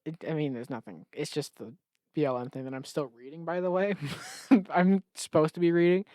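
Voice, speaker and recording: A man's voice: fairly high pitch, fairly even intonation, brisk, a little mellow, no echo, studio quality. A man hosting a solo comedy podcast, rambling sarcastically and often cutting himself off. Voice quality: rambling, sarcastic, self-interrupting. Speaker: podcast host.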